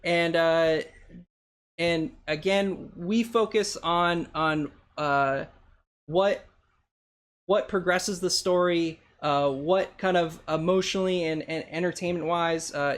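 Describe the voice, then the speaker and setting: Slow, rambling male art teacher. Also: on the high side. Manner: rambling, hesitant, self-deprecating. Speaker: storyboarding teacher. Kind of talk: live-streamed class.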